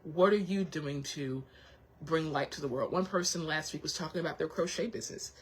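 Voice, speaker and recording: The host is a woman with a deep voice and a breathy edge who talks fairly quickly, in a rough recording. Her casual motivational chat is heartfelt and supportive, full of restarts as she thinks aloud and repeats words of reassurance.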